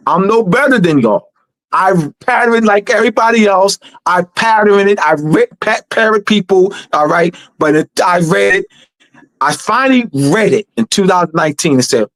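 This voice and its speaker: A man with a high voice, recorded dry and close. He hosts a live teaching discussion and drives his points home with emphatic repetition. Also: dry recording. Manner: emphatic and repetitive, urging listeners. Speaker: host.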